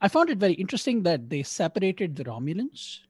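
Man, podcast host, casual chat, rambling, self-correcting, joking, fairly high voice, dry sound. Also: big pitch swings, fast, husky, no room sound. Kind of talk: casual episode review chat.

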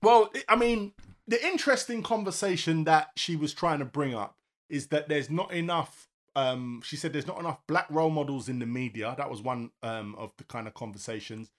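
A man's voice: a little high, normal speed. A man co-hosting a podcast, chatting casually in slang and often repeating himself. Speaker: podcast co-host. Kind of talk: casual banter.

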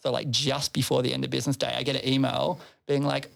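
A man's voice: medium pitch, flat delivery, fast talker, creaky, few pauses. A man who organizes a festival, telling a long story in casual chat, swearing freely and laughing between phrases.

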